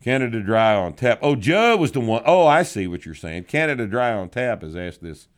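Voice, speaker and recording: A man's voice: medium pitch, sing-song, normal speed. A man hosting a podcast, answering listener questions in blunt, profane, joking chat. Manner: blunt, profane, drawling, laughs often. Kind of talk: casual chat.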